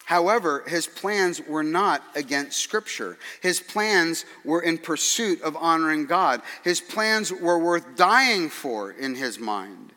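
A man preaching a sermon as pastor, earnest and measured, with dry humorous asides. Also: a little high, animated, bright, forceful tone, big-room sound.

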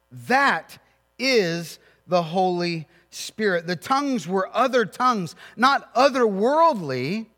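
A male pastor with a high voice delivers an earnest sermon, breaking into storytelling asides. His voice rings out with a long reverb, as in a large hall. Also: a bit bright.

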